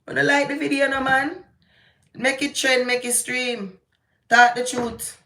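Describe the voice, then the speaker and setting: A middle-aged Jamaican woman with a Jamaican accent, giving heated live political commentary that swings between slow, emphatic outbursts and quick asides in patois. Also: high voice, reverberant. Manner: animated, ranting, shifting into patois. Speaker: vlogger.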